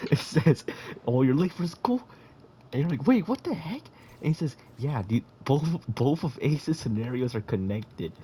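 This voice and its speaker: A man's voice: mid-range voice, a little mellow, slight background noise. A man in a casual voice chat, rambling through absurd hypothetical stories.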